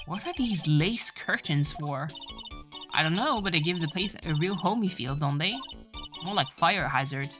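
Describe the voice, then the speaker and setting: A woman streamer playing a game, reading its dialogue aloud with lively asides and self-corrections. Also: on the low side, moderate pace, over music.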